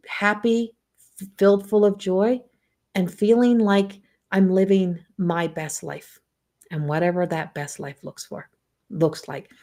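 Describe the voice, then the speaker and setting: A woman in her fifties, a psychic medium, talking gently and encouragingly on a live stream and laughing often. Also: on the low side. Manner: tells family anecdotes with mimicked voices. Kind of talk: live-stream spiritual talk.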